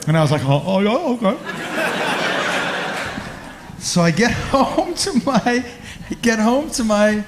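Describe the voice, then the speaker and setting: A man's voice: high-pitched, big pitch swings, normal speed, long pauses, roomy sound, a little hiss or hum. A man telling a crude, self-mocking stand-up story on a comedy club stage.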